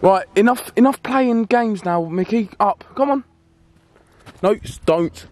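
A young man speaks in a high voice, filming a skit outdoors at night. Faint background noise sits behind him. He moves between loud pleading commands and a calm talk to the camera. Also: unhurried. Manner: shouting pleas and commands, then calm to-camera wrap-up. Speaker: vlogger. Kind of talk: acted skit vlog.

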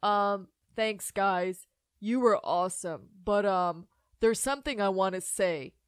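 A woman voicing a shy, earnest teenage boy in an animated story, speaking softly and hesitantly. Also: medium pitch, slow, clean tone, no echo, studio quality, voice pushed down, natural voice.

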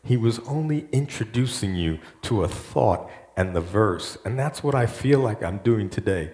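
A man's voice: moderate pace, echoey room. A man preaching a sermon as pastor, acting out the voices of the people he quotes. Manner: animated preaching, quoting voices with rising pitch.

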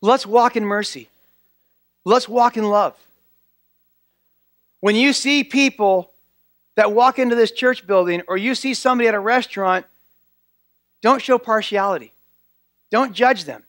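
A man with a notably high voice delivers a church sermon. He speaks earnestly and drives points home by repeating key phrases. The sound is dry and close, with little room echo. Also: unhurried, long pauses, fairly bright tone. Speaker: pastor.

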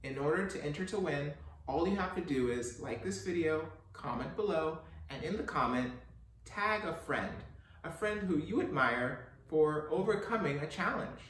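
A man's voice: a little high, lively intonation, normal speed, a bit bright. Upbeat man in an echoey garage studio. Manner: upbeat and encouraging. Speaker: host, children's book author and illustrator. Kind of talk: friendly craft-video host talk. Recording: echoey room, mic at a distance, faint noise.

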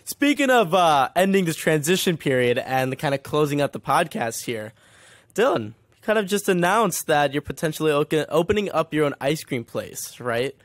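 A man hosting a casual podcast interview, relaxed and teasing, laughing easily. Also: on the high side, normal speed, no echo, studio quality. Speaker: podcast host.

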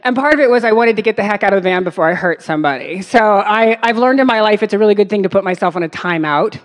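A woman's voice: medium pitch, quick pace. Chatty woman telling a story in reverb. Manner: animated, many fillers and likes, breaks into laughs. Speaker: activist speaker. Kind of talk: personal storytelling. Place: music festival stage. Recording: long reverb of a big space.

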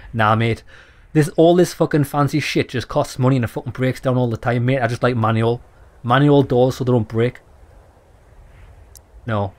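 A man's voice: medium pitch, moderate pace, pauses often, darkish tone. A young man doing let's play commentary, blunt and sweary, reading game text aloud and reacting. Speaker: gaming YouTuber.

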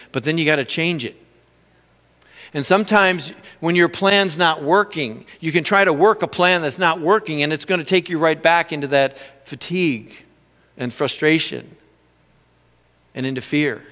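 A middle-aged male pastor preaching with a high, bright and forceful voice. He tells stories with animated energy and laughs easily. The sound rings with a long hall reverb. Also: normal speed. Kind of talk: sermon.

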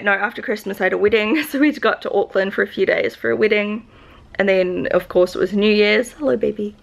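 Gravelly-voiced New Zealand woman, upset. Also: medium pitch. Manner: rambling, halting, with many likes and restarts. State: upset, holding back tears. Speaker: vlogger. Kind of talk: confessional vlog talk to camera.

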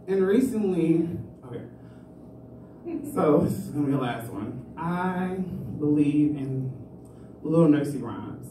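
A man's voice: on the high side, a little slow, pauses often. A man doing stand-up at an open mic in a small club, rambling and self-mocking, often laughing at his own jokes. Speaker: stand-up comedian. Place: small comedy club stage. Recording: roomy club sound from far off, faint noise.

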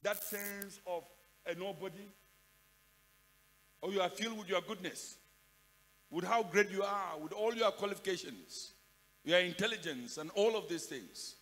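Older nigerian pastor preaching, kinda high voice, repeats himself, loud then soft, big echoey hall. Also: male voice, a little slow, long pauses. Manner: emphatic, repeats phrases, swings from loud to soft. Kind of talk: sermon. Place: large conference hall. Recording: long hall reverb.

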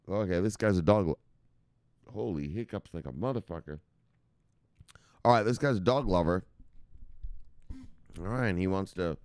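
A rambling, profane man hosts a crypto news livestream, chatting loosely and reading out viewer comments. His voice is clear and resonant, with a lively, wide-ranging pitch. The sound is dry and close. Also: no room sound. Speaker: crypto news show host.

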